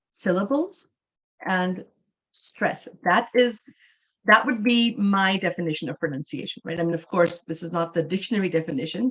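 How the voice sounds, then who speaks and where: A woman's voice: lowish voice, a bit bright, dull audio. A woman from Canada, a native English speaker, teaching an online English class and explaining things patiently, often checking in with "right?".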